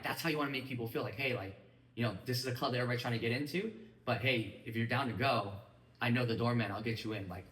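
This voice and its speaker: A man in his thirties leading a casual training talk for a small group, quick and chatty, often acting out bits of dialogue. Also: medium pitch, fairly bright tone. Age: 30s. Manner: fast, casual, acts out quoted dialogue. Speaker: sales team leader. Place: room with a small audience. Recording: echoey room.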